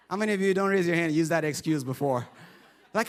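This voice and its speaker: Brief: male pastor, lighthearted storytelling sermon, voice sits high. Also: animated, fairly quick, long pauses, a bit bright. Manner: humorous, conversational storytelling.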